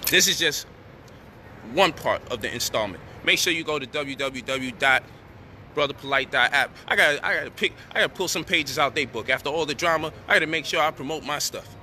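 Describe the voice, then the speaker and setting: Indignant man ranting with a bright edge. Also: a little high, fairly quick, slight background noise. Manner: indignant, profane, rising to near shouting at times. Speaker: online commentator addressing his audience. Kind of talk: heated direct-to-camera rant.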